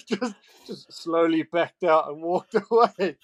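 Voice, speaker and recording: A man in his twenties from England with a Geordie accent, a podcast guest telling animated stories and laughing often. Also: fairly high pitch, slow. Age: 20s. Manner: animated, laughing, acts out quoted voices. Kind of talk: casual storytelling chat.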